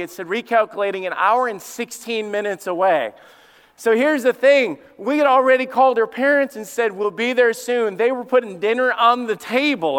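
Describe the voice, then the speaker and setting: A middle-aged man preaching a storytelling sermon as lead pastor in a church, animated and poking fun at himself. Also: high-pitched, clear, resonant tone. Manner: animated, self-mocking humor. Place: church sanctuary. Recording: long hall reverb.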